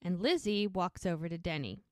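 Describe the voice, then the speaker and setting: A woman's voice: lowish voice, moderate pace, no echo. Woman retelling a story in a dry, close room. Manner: animated storytelling, acting out lines in passing. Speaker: podcast host recapping a TV episode. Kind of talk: casual recap chat.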